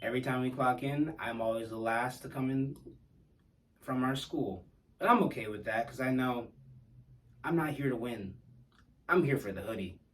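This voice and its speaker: A man's voice: medium pitch, normal speed, pauses often, fairly bright tone, recorded from a distance, low-quality recording. Man telling a wry story, set back from the mic. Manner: wry, self-deprecating humor. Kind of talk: casual personal storytelling.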